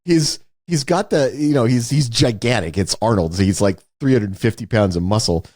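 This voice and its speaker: A man's voice: mid-range voice, normal speed, darkish tone, dry recording, clean studio sound. A man co-hosting a podcast, chatting casually about a movie in an emphatic, wry way and repeating his points. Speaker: podcast co-host.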